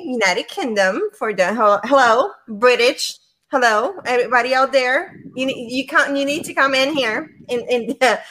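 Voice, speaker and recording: Excitable rambling woman podcast host. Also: a little high. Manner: excited, rambling, repeats "hello" and "like". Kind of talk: casual interview intro.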